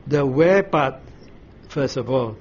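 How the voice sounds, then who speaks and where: A man leads a Bible study, walking through a passage in a measured, explanatory way, pausing and restarting as he thinks. His mid-pitched voice comes through a slightly dull recording with faint background noise. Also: animated, darkish tone. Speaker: Bible teacher.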